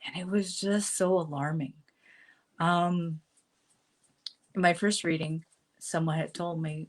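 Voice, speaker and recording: A middle-aged woman, a spiritual teacher, telling a personal story to camera in a halting way, restarting often and acting out remembered voices. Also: fairly low pitch, fairly even intonation.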